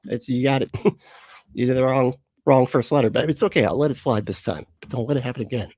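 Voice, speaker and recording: A man's voice: mid-range voice, fast talker, a little mellow, husky, dry recording, clean studio sound. A man hosting a casual livestream. He swears a lot, laughs often and talks straight to his viewers. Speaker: host.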